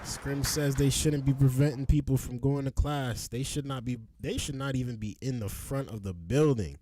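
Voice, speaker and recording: A man giving casual, animated reaction commentary on news clips as a vlogger, exclaiming and repeating lines as he goes. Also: medium pitch, normal speed.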